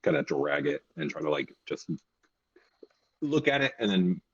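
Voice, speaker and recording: A man with a very deep, husky voice plays through a tabletop session, his pitch jumping around as he stops and restarts. The sound is dull and dry, like a modest home mic. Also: big pitch swings, fairly bright tone. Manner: halting, upbeat, full of restarts. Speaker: player. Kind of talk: tabletop game chat.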